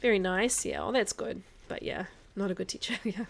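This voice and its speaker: A woman's voice: mid-range voice, huge pitch swings, normal speed, creaky. Chatty woman streaming a game. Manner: chatty, answers chat, laughs often. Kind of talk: casual live-stream chat while playing.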